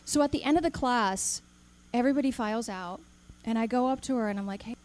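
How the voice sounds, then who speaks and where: Animated woman telling a story to an audience. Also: on the high side, fast. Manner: animated storyteller, acts out quoted dialogue, asks the audience questions. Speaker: speaker.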